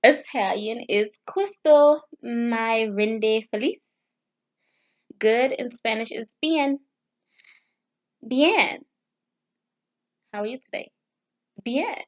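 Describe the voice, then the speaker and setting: Slow, halting woman on dull lo-fi audio. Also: on the high side. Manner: slow, halting, sounding out foreign words with restarts; nervous, self-deprecating asides. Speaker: vlogger. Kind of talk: casual language practice vlog. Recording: dull lo-fi sound.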